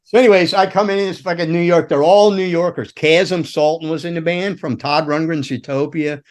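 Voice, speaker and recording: A man's voice: a little high, moderate pace. A middle-aged man from the United States, a former roadie on a podcast, telling rambling, profane road stories and acting out the people he quotes. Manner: rambling, profane, animated storyteller who acts out quotes. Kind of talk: casual storytelling chat.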